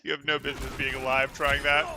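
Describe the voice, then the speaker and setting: A man's voice: mid-range voice, little pitch movement, fast. A young man coaching over a gameplay review, critiquing in an exasperated, incredulous way. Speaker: game coach.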